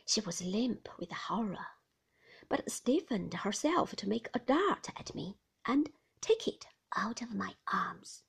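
Hushed, breathy woman narrator. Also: mid-range voice, very animated. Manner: hushed, breathy, slow reading. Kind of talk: storybook reading of a classic novel.

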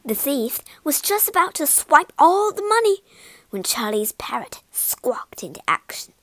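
A woman tells a storybook slowly and theatrically, slipping into whispers for suspense. Her voice is high and sings across a wide pitch range, in a close, dry recording. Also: very animated, a bit bright, no echo. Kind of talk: storybook narration.

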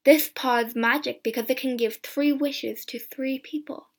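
A woman's voice: high-pitched, fairly even intonation, moderate pace. Woman reading as a grave old soldier. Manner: earnest, cautionary. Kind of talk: storybook reading.

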